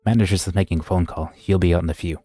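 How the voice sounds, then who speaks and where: A man's voice: low voice, steady tone, rapid-fire, warm tone, faint music behind. A man reading as a weary female restaurant worker. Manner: weary, venting. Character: frustrated young female restaurant worker, venting.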